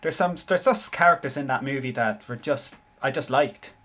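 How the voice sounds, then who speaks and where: A man's voice: mid-range voice, moderate pace, a bit bright. A man chatting casually on a podcast, hesitant and earnest, often restarting and repeating words. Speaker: podcast co-host. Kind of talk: casual chat.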